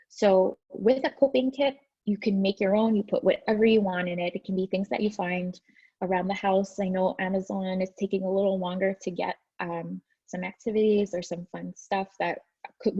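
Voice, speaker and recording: A woman's voice: mid-range voice, dark tone, husky, highs cut off. A woman therapist giving an informal, earnest talk with many fillers and restarts.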